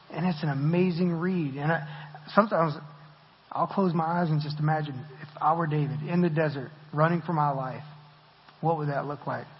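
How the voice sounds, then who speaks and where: Husky-voiced man preaching in a reverberant hall. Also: a little high. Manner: conversational and self-deprecating, laughs often. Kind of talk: sermon. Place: church sanctuary. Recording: muffled audio with long hall reverb.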